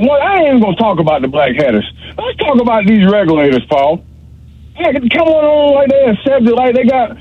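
A man's voice: very high-pitched, husky, no room sound. A male caller trading joking, teasing trash talk on a call-in radio show over a phone line.

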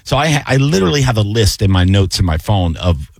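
A man's voice: lowish voice, quick pace, vocal fry, no room sound. A man who makes food videos, chatting casually and animatedly, often restarting his sentences. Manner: animated, acts out quotes in raised voice. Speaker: food content creator. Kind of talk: casual chat.

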